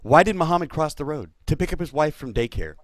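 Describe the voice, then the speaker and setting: A man's voice: a little high, sing-song, quick pace, crowd noise. An American man hosting a casual live stream over a voice call, joking and reading viewer donations aloud. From United States. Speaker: stream host.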